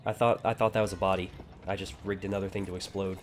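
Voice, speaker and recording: A man's voice: low voice, flat delivery, quick pace, slight background noise. A man giving casual, sarcastic gameplay commentary with jokey asides. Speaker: gaming YouTuber.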